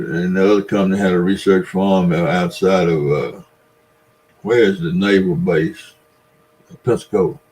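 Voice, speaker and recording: An older man with a Southern US accent hosts a casual livestream, rambling through folksy stories, chatting with viewers and reading their comments. His voice sits low and a little mellow, with slight background noise and poor audio.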